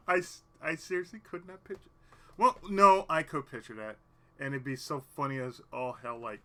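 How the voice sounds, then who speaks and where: A man streaming a game, chatting loudly, laughing often and reading the game's lines aloud. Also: on the high side, steady tone, moderate pace. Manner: loud, laughing, swears a lot. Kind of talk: casual live stream banter and reading game text aloud.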